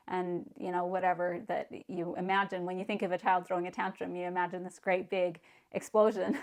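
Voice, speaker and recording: A middle-aged woman giving parenting advice in a casual, earnest talk, repeating words and leaning on "you know". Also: mid-range voice. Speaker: parenting vlogger.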